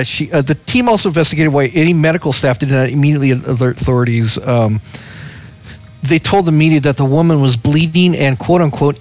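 A somewhat high-voiced man co-hosts a casual chat show and reads news stories aloud, laughing often as he goes. The sound is dull and lo-fi, with faint music underneath. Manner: laughs often while reading. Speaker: podcast co-host.

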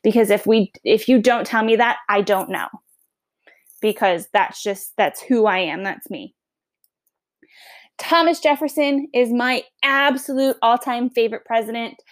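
A woman with a Long Island New York accent talks in a fairly high voice. She is a teacher introducing herself on a podcast, chatty, upbeat and a little rambling. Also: measured pace. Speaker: history teacher. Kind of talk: casual podcast self-introduction.

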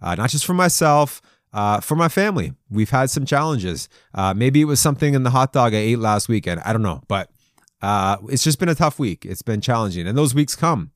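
A man's voice: medium pitch, expressive, a little fast, no echo, clean studio sound. A man hosting a devotional podcast, telling stories in a chatty way and laughing often. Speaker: podcast host.

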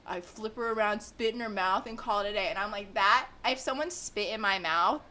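A woman's voice: medium pitch, fairly quick, pushed and bright. A young woman in casual podcast chat, blunt and profane, laughing often.

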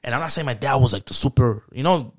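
Here a thirtysomething man talks quickly and with animation at a medium pitch during a relaxed podcast chat. He keeps things slangy and easygoing, sprinkling Spanish into his speech.

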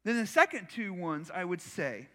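A man's voice: sits high, animated, moderate pace, pushed and bright. A male pastor preaching a sermon in a church, telling personal stories in a conversational, self-deprecating way. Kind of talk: storytelling sermon.

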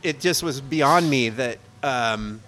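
A man in middle age tells a long, loose story in a casual pub conversation. His voice sits at an ordinary middle pitch, and he talks in a rambling, self-mocking way. He keeps the tone of easygoing chat. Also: takes it slowly, a bit bright. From United States. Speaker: podcast co-host.

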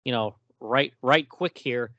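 A man co-hosting a casual podcast, talking through a comic book and reading its dialogue aloud with lively emphasis. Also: medium pitch, a little slow, dry recording, dull audio.

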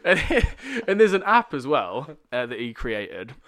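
A man's voice: medium pitch, sing-song, a little slow, fairly bright tone. A man talking candidly in a casual podcast conversation, explaining things with plenty of swearing. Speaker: podcast guest.

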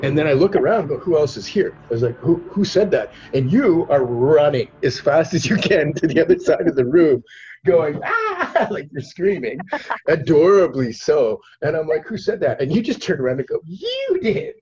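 A man hosting a podcast, telling a story with animated energy and acting out the voices in it. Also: on the high side, fairly quick, lo-fi sound. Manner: expressive, acts out voices in his anecdotes. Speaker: podcast host.

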